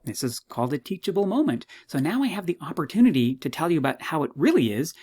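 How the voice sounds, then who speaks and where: A man teaching a university psychology course, walking students through his course website in a chatty, self-mocking way, full of jokey asides and sudden jumps in pitch. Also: slightly rough. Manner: quick, animated delivery with sudden pitch jumps. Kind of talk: recorded course walkthrough lecture.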